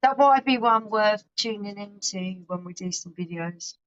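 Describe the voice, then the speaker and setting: A woman's voice: medium pitch, unhurried. A woman from southern England with a southern English accent, chatting easily and giggling on a casual livestream. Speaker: beer livestream co-host. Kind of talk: casual chat. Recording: muffled lo-fi livestream audio.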